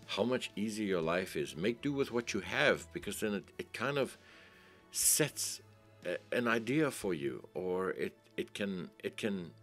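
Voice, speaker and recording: Animated man ranting casually. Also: fairly low pitch. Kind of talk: casual talk to a co-host.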